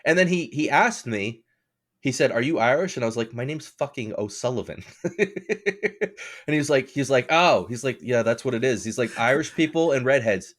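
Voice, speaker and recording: Rambling, swearing man telling a story. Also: moderate pace. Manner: rambling storyteller, swears freely, laughs often; acts out other people's lines in a lower voice. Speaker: podcast co-host. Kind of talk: casual chat.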